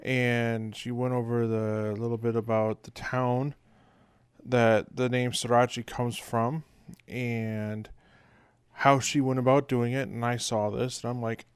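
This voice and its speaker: A man's voice: mid-range voice, level tone, measured pace, smooth, no echo, studio quality. A middle-aged man casually talking through a home cooking video in a rambling, folksy way, recorded as a voice-over. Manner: rambling, folksy, with many uh fillers. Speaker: home cook.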